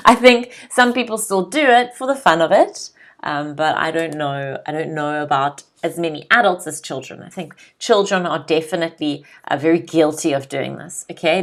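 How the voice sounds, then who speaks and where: A woman from South Africa teaching English vocabulary, drilling pronunciation and checking in with learners. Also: deep voice. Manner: slow, clear pronunciation drills with frequent check-ins. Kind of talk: vocabulary lesson.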